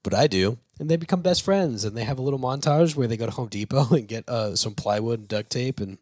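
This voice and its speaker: A man's voice: medium pitch, quick pace, darkish tone, no echo, studio quality. A man hosting a movie review show, recapping a film's plot in a loose, rambling way with lots of fillers and restarts, and laughing now and then. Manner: laughs while talking.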